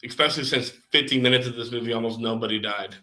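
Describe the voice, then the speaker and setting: A man's voice: mid-range voice, fast talker, bright, forceful tone, echoey room, poor audio. A man co-hosting a movie podcast, talking casually and swearing now and then. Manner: casual, profane, enthusiastic. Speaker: podcast co-host. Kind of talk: casual chat.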